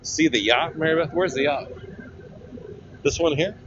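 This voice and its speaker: A man's voice: a little high, normal speed, highs cut off, noisy background. A man casually narrating a livestream tour from a ferry deck, chatty and jokey, on a handheld phone. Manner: laid-back, chatty, jokey. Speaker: vlogger. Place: outdoor deck of a river ferry.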